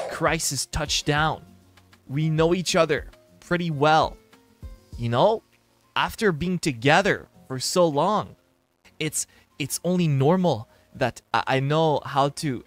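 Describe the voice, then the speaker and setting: A low, gruff young man stumbles through a greeting, as a man imitates a teammate. The speech is slow and stammering. Faint music plays behind. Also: fairly bright tone. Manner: halting, stammering.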